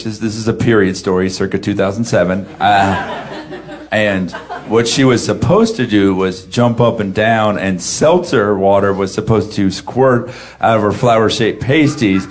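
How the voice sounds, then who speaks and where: Guy doing standup, kinda low voice, rambly self-deprecating storytelling, lots of restarts. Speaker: stand-up comedian.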